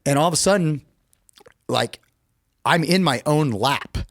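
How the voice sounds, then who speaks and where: A little slow and recorded in clean, echo-free studio sound, a middle-aged man from the US shares a casual story on a podcast. He's animated, performing quoted lines with lively jumps in his voice.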